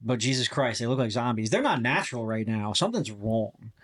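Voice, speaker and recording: A man's voice: medium pitch, expressive, a little fast. A man hosting a podcast in casual chat, blunt and jokey, laughing often and swearing freely. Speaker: podcast host.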